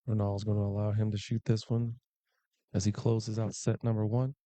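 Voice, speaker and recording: A man's voice: lowish voice, little pitch movement, normal speed, mellow. A man doing live pool commentary in a pool hall, chatty and playful, with jokey asides to the viewers.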